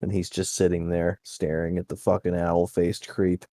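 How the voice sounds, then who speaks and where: A man's voice: sits low, monotone, moderate pace, warm tone, no room sound, studio quality. A man playing a tabletop game in casual chat, swearing freely and stumbling over his words. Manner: swears freely, flustered restarts.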